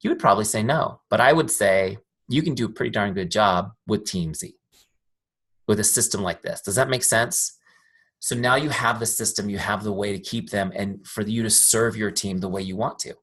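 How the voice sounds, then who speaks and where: Chatty man teaching a training, husky voice. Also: lowish voice, normal speed, fairly bright tone. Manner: chatty, storytelling, asks "make sense?" often. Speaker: software founder teaching a training. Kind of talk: casual live training talk.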